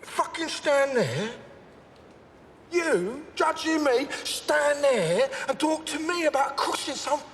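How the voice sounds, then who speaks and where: A man's voice: extremely high pitch, expressive, slow, fairly bright tone, slight background noise, heavily acted. An actor playing a volatile, profane middle-aged male gangster with a rambling, erratic way of talking. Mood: ranting. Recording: film audio with hall reverb.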